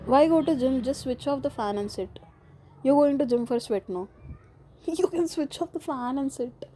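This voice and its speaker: Young woman with a cold, solo podcast host, slightly high voice, goofy sarcastic rambling. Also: lively intonation, normal speed, warm tone, slight background noise. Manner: playful, rambling, sarcastic, mixes Hindi and English, laughs often. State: has a cold. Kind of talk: casual solo podcast chat.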